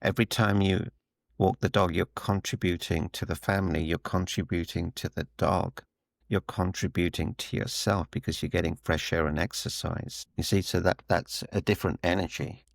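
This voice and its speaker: A man's voice: sits low, fairly even intonation, normal speed, gravelly, no room sound, clean studio sound. A man who is a relationship coach, speaking as a guest in an interview, earnest and repeating small words as he restarts. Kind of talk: conversational interview advice.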